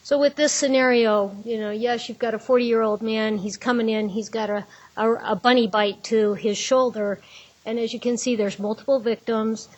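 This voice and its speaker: A woman's voice: a little high, steady tone, moderate pace, darkish tone, no echo. A woman giving a conversational trauma-care lecture, explaining through patient scenarios in a plain, direct way. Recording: dull, dry lecture recording.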